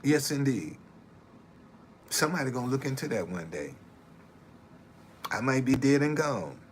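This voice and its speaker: A man's voice: mid-range voice, big pitch swings, unhurried, a little hiss or hum. A middle-aged man, a former bus driver, telling his story in casual, emphatic talk and repeating his points.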